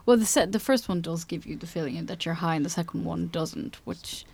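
A woman's voice: lowish voice, a little fast, vocal fry, slightly rough, dry recording. Chatty woman with a dry close sound. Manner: rambling, chatty, trailing off softly. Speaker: podcast co-host. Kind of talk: casual film discussion.

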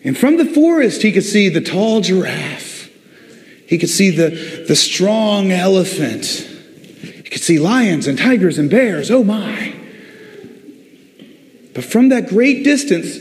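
A male pastor in a church, giving a sermon and telling a story in a lively, animated way. His voice sits a bit above the usual for a man, and the large hall carries a long echo. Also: high-pitched, unhurried. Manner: animated storyteller, addresses the congregation. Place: church before a congregation.

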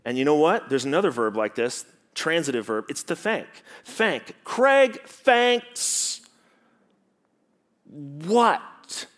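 A man preaching a sermon as pastor, animated and teacherly, asking the congregation rhetorical questions and dropping from loud emphasis to quiet stresses. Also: medium pitch, normal speed, few pauses.

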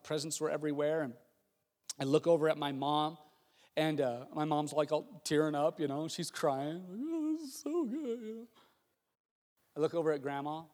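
A man in his thirties, a pastor delivering a sermon in a conversational, humorous way that builds to emphatic repetition. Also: on the high side. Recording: long hall reverb with faint music.

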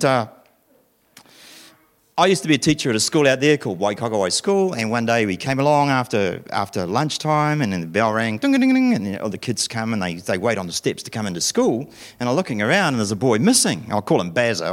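Speaking briskly at a medium pitch, this middle-aged preacher keeps his sermon conversational. He tells lively stories, performs different voices, and puts questions to the audience.

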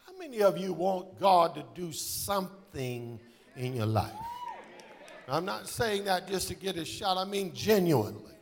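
A man's voice: high-pitched, big pitch swings, measured pace, vocal fry. A male pastor preaching a sermon in a church, speaking emphatically and directly to his congregation.

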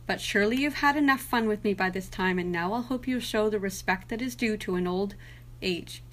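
A woman's voice: mid-range voice, a little fast, natural voice. A woman voicing Father Time as a stern old man in a storybook reading, in a grave, lecturing tone.

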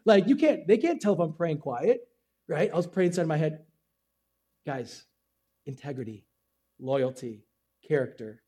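A man's voice: a little high, dark tone. A man preaching as a pastor, casual and self-deprecating, acting out little asides in a sermon to his church.

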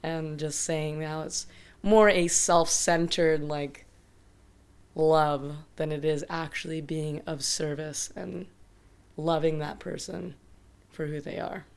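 A woman's voice: deep voice, level tone, takes it slowly, gravelly, smooth. A woman in her thirties sharing thoughts reflectively in a casual conversation. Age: 30s. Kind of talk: casual chat.

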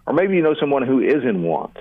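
Older male seminary teacher, earnest mid-pitched explainer, restarts his sentences, narrow phone-quality radio sound. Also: very animated, fast talker, no echo. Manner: earnest, repeats words when starting sentences. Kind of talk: teaching on prayer in a radio interview.

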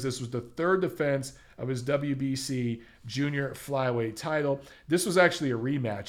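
A young man giving blunt, opinionated commentary on boxing, casual and swearing freely. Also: medium pitch.

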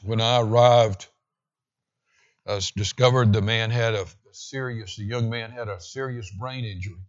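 A man preaching a sermon with emphasis, slowing down to read scripture aloud. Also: on the low side, fairly even intonation, lo-fi sound. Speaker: pastor.

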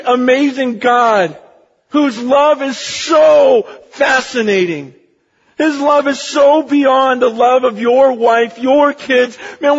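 A male pastor delivering an impassioned sermon, swinging from hushed to near-shouting, with a husky voice. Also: high-pitched. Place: church sanctuary. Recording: lo-fi recording with long hall reverb.

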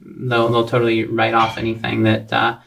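A man's voice: mid-range voice, completely flat delivery, normal speed, creaky, a bit bright, slight background noise, low-quality recording. A man co-hosting a talk show, speaking tentatively with fillers and restarts. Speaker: co-host. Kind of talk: conversational discussion.

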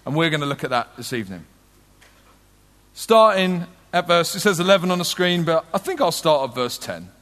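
A man's voice: on the high side, lively intonation, normal speed, a bit bright. A middle-aged British man preaching a sermon, conversational and humorous, telling stories to a crowd. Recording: long hall reverb.

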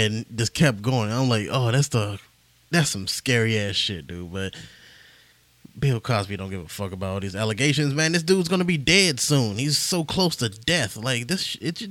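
A man's voice: lowish voice, no echo. Rambling, profane young male podcast host. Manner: rambling, profane, laughs at himself. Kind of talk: casual podcast monologue.

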